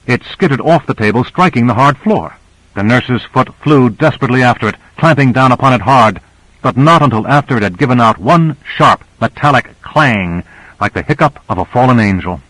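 Dry, steady male audiobook narrator. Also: medium pitch, no room sound, low-quality recording. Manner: steady, measured reading.

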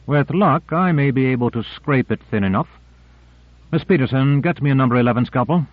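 A man's voice: medium pitch, a little fast, no room sound, voice pushed up, close to an everyday voice. A man playing a curt, arrogant surgeon. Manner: curt and commanding. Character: brusque, arrogant male surgeon. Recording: dry narrow phone-like audio.

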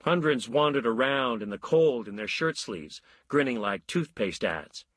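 A plain-spoken scientist sounds glum and matter-of-fact, voiced by a man reading a story aloud. The voice stays close to the reader's own, with a husky grain and a dry, close sound. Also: medium pitch, animated, unhurried, a bit bright, no room sound. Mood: astonished. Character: baffled scientist friend, adult man, glum.

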